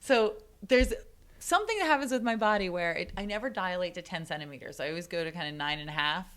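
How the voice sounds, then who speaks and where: Woman, thirties, casual podcast chat, animated storytelling, lowish voice, lots of "like". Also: quick pace, clean tone. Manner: animated, excited storytelling with frequent "like". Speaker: guest.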